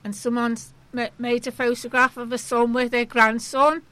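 Woman, bright, fairly high, sympathetic yet disapproving. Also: little pitch movement, normal speed, clear, resonant tone, dry recording. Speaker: discussion participant. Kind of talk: casual group chat.

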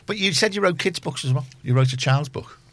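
A man's voice: a little high, expressive, brisk, fairly bright tone, dry recording. Radio host man, dry close sound. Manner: brief encouraging interjections and follow-up questions. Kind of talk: casual radio interview.

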